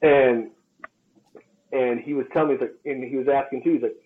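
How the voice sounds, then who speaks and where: Profane, animated male trainer telling stories. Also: medium pitch, a little fast, pauses often, narrow, tinny audio. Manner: profane, animated storyteller who acts out quotes. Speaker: podcast co-host, personal trainer. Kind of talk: casual podcast storytelling.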